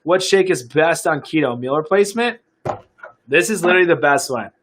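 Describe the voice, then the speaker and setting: A young American man coaching fitness on a live stream, his voice sitting a little high for a man. He talks casually and upbeat, rambling with fillers and restarts as he pitches a product to viewers. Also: expressive, a little fast, fairly bright tone, slight background noise. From United States.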